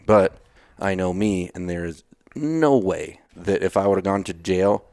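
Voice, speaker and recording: A man's voice: low-pitched, measured pace, darkish tone, dry recording, studio quality. A man from Texas, a retired Navy SEAL, telling blunt, casual stories as a podcast guest. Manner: blunt, swears casually, acts out his own past lines. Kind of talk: casual storytelling interview.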